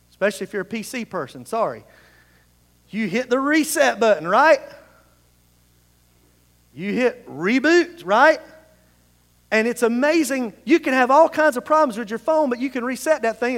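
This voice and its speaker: A man's voice: sits high, fairly bright tone. A male pastor preaching a sermon, leading the congregation in reading scripture aloud together. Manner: leads the congregation in call-and-response scripture reading. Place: church sanctuary. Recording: long reverb of a large hall.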